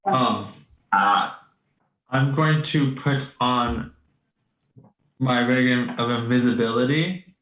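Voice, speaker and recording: A man's voice: medium pitch, slow pace, pauses often, a bit bright, reverberant, poor audio. A man playing a tabletop game, hesitant and full of ums. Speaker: player. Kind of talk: casual tabletop game play.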